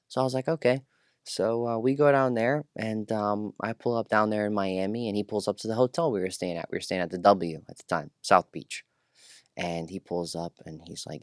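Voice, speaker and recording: A man with a low voice spins a rambling, profane story in casual interview talk. The sound is close and dry, with no room around it. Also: normal speed, fairly bright tone, no room sound. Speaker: podcast guest.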